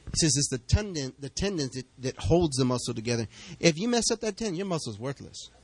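A middle-aged man preaching a sermon, telling a story with lively back-and-forth dialogue. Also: on the high side, quick pace, husky, no echo. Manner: storytelling, animated, acts out quoted exchanges. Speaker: pastor.

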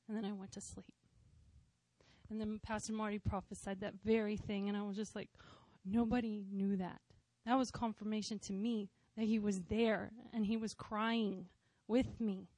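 A woman's voice: medium pitch, level tone, moderate pace, darkish tone, dry recording. A woman in her thirties sharing a personal testimony in church, heartfelt and conversational with touches of light humor.

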